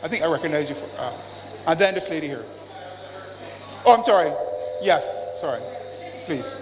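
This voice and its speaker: A man chairing a town hall meeting, speaking politely and haltingly as he calls on people. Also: a little high, animated. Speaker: meeting moderator. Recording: very echoey distant hall sound, background noise.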